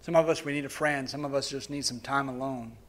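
A man preaching a sermon to his church, swinging between loud, fervent passages and quiet, hushed ones. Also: mid-range voice, fairly even intonation, quick pace. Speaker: pastor.

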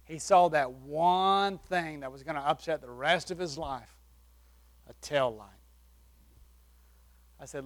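High bright-voiced preacher man telling a story. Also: slow pace, long pauses. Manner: animated storytelling, shifts loud to soft. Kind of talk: sermon testimony story.

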